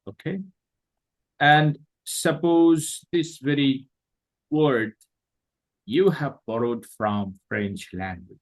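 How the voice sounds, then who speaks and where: A man with a Bangladeshi accent gives a classroom lecture at an unhurried, measured pace. His voice is a little husky, and he goes over each point more than once. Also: mid-range voice, rough recording. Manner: slow, deliberate, repeats points. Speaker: teacher.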